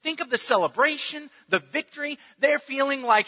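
In a dull, lo-fi recording with long reverb, a preacher with a high, very bright voice gives an earnest sermon. He halts, restarts and repeats his words, and at times his voice sinks nearly to a murmur.

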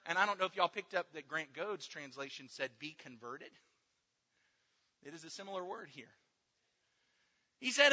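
A man preaching a sermon, swinging between loud emphatic lines and hushed ones. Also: sits high, sing-song, moderate pace. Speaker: pastor. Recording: dull echoey hall.

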